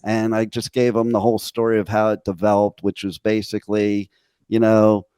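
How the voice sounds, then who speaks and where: A man's voice: fairly low pitch, little pitch movement, moderate pace, dark tone, clean tone, no echo. Brash storytelling male radio host. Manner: brash, storytelling, swears freely. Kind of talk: casual interview chat.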